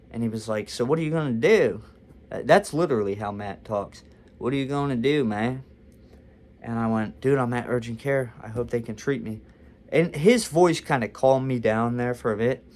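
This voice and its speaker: A man's voice: mid-range voice, normal speed, a little mellow. A young man vlogging a casual storytime, talking candidly and confessionally about his own experience.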